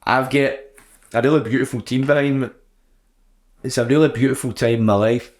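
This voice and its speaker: A man's voice: mid-range voice, fairly quick. Sweary man telling a story. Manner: blunt, sweary, animated storytelling. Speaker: podcast host. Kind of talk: casual solo chat.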